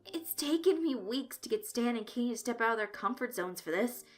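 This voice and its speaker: A woman's voice: a little high, animated, brisk, faint music behind, close to an everyday voice. A woman reading the part of a nervous teenage boy running a tabletop game, who stammers when flustered, in a fan fiction reading. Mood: earnest.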